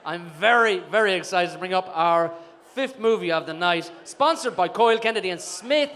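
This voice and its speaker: Guy hosting a live show, high-ish voice, jokey, bit of background noise. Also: expressive, moderate pace, fairly bright tone. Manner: upbeat, teasing, announcing. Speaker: host.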